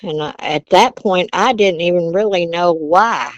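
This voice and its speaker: A woman's voice: lowish voice, a little slow, no room sound, lo-fi sound. An older woman from Virginia, a grandmother, telling stories about her childhood in a chatty way, laughing often and using Southern turns of phrase. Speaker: interview guest, grandmother. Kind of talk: casual storytelling.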